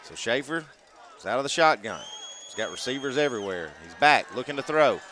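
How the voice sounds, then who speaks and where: A man, calling a high school football game play by play in a brisk, running style. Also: animated, bright, forceful tone, a faint crowd, a little hiss or hum. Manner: brisk, calling plays as they unfold. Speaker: play-by-play announcer.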